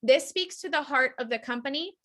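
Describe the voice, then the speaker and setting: A woman's voice: high-pitched, fairly quick, a bit bright. A woman leading a group call, giving an upbeat, persuasive sales presentation. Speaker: team leader presenting a business opportunity.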